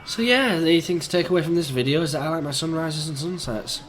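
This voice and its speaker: A young man, croaky and under the weather, chatting in a rambling, easygoing way while playing a game. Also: on the high side, brisk, fairly bright tone, slight background noise. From England. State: croaky, sick voice. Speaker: gaming YouTuber. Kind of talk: rambling let's-play commentary.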